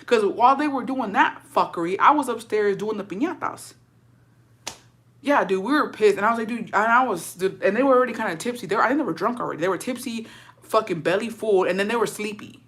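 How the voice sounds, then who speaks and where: A woman's voice: medium pitch, fast talker, a bit bright. A young adult woman telling a story in a casual, profane rant, slipping in Spanish words. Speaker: storyteller on a livestream.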